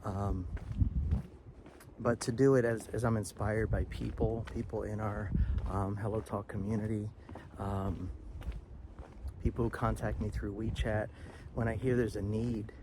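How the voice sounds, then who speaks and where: Man, low voice, casual walking vlog, handheld camera, street noise and traffic behind. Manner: relaxed rambling with fillers. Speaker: vlogger and English teacher. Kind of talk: casual walk-and-talk vlog. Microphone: handheld camera while walking. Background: street ambience and passing vehicles.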